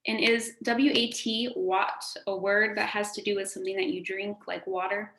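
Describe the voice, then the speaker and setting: A woman's voice: mid-range voice, level tone, normal speed, fairly bright tone. A woman teacher giving a recorded phonics lesson to a class, encouraging and sing-song, drawing out words for the children to repeat. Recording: echoey room, faint background noise.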